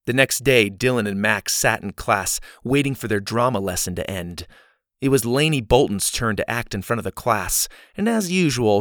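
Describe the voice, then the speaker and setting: A man narrating a children's adventure story in an expressive, storytelling manner. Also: fairly low pitch, no room sound, studio quality. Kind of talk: audiobook narration.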